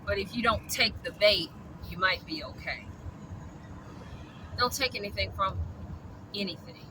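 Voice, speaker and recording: A woman's voice: mid-range voice, measured pace, background noise. A woman, ranting bluntly and profanely in a vlog about dog rescue.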